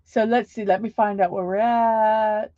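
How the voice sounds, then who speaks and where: Her pitch is medium and her tone steady, her pace a little slow. As livestream host she chats loosely through viewer comments with warm thanks and frequent restarts, recorded dry and a bit dull, without echo.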